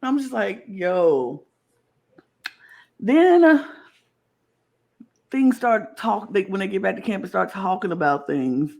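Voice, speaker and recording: A woman co-hosting a casual podcast chat, talking in an animated way and acting out the quoted lines she retells. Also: mid-range voice, takes it slowly, creaky, pauses often. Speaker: podcast co-host.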